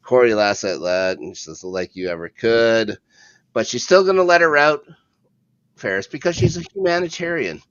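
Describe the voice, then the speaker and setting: A man's voice: medium pitch, big pitch swings, moderate pace, a bit bright, no room sound, dull audio. A man co-hosting a podcast, casually recapping a TV episode in a laid-back, rambling way with a chuckle now and then. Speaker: podcast co-host.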